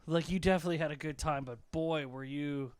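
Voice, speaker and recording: High-voiced laughing young man. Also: brisk, a little mellow, smooth, dry recording. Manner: laughing, profane storyteller. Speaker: podcast co-host. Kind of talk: casual chat.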